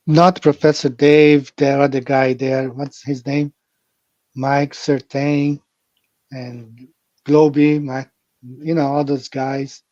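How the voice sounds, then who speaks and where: A man's voice: on the high side, darkish tone, no echo. A man hosting a live stream, talking casually and rambling, repeating phrases and greeting viewers directly, on a muffled lo-fi recording. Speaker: livestream host. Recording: muffled lo-fi audio.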